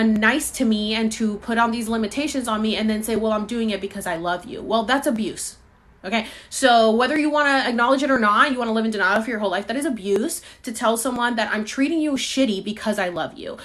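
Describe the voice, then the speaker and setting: A woman's voice: on the high side, a bit bright. A woman in her thirties hosting a live stream, telling a personal story in a casual, rambling way with lots of fillers and quoted dialogue. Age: 30s. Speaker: host answering viewer questions.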